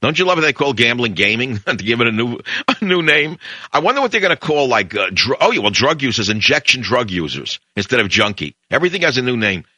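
A man's voice: sing-song, fast talker, sharp tone, no room sound. An older man, hosting a talk show in a rambling, digressive storytelling monologue. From Brooklyn, New York. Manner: digressive storyteller, jumps between tangents with sudden pitch leaps.

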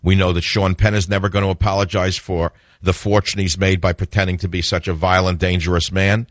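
A man's voice: low voice, little pitch movement, brisk, no room sound, studio quality. A middle-aged man hosting a talk radio call-in show, blunt and opinionated, chuckling often.

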